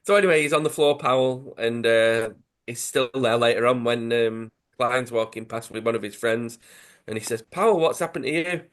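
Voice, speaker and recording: A man's voice: medium pitch, moderate pace. A man with a Dudley accent casually retelling a football comic story on a podcast, acting out the quotes. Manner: animated storyteller, acts out quotes with self-corrections. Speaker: podcast co-host.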